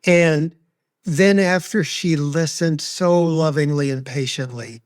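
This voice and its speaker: Slow, earnest man telling his story. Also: fairly high pitch, no room sound, studio quality. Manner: earnest, measured, heartfelt. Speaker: grief expert guest. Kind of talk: reflective personal storytelling.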